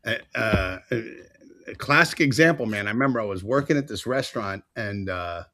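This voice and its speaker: A podcast host tells stories in a casual, animated way, acting out what people said. His pitch is fairly low and his pace moderate, with a dry, clean studio recording.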